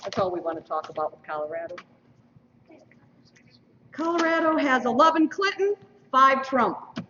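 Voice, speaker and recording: A woman hosts a school mock election with playful, teasing asides. Her voice swings lively and rather high. The stream is dull and lo-fi, caught from well off the mic in a long-echo hall. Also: moderate pace, far from the mic, a little hiss or hum. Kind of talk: lively announcing to an audience.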